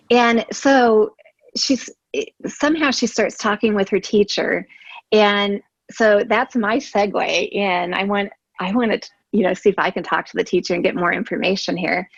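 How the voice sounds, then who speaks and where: An American woman, a hypnotherapy practitioner, telling stories in an animated, chatty way with little exclamations. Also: mid-range voice, moderate pace, gravelly, no room sound. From United States. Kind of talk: casual storytelling chat. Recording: dull, dry recording.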